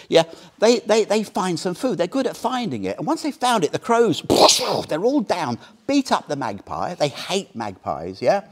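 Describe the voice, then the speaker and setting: A man in his seventies giving an anecdotal Buddhist dharma talk as a teacher, animated and often checking in with "yeah?". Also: a little high. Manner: animated storyteller, tags sentences with "yeah?".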